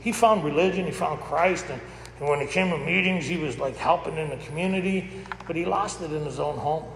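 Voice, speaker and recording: With a brisk delivery and a slightly high, gravelly, fairly bright voice, this man tells personal stories at a recovery roundup. He's candid and jokey, laughing often, with slight background noise and long reverb from the echoey hall.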